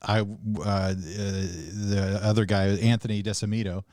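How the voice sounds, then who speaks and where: A man on a casual comedy podcast, telling animated stories with bursts of laughter. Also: fairly low pitch, measured pace, no echo, clean studio sound.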